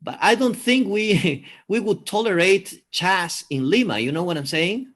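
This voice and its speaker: Measured Peruvian-born man, slow and hesitant. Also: sits high, expressive, fairly bright tone. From Peru. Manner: thoughtful, hesitant with many fillers. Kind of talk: casual conversation. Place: live video call.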